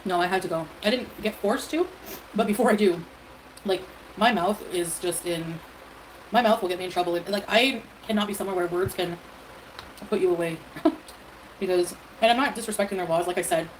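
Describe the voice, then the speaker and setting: A woman's voice: lowish voice, brisk, long pauses. Rambling woman livestreamer over noisy audio. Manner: rambling, defensive, full of fillers. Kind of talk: casual livestream talk. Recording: livestream audio with background noise.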